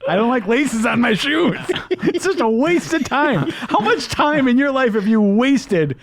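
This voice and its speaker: Rambling man with a lively voice. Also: extremely high pitch, unhurried. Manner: rambling, hedging with many fillers. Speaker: podcast co-host. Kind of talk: casual panel discussion.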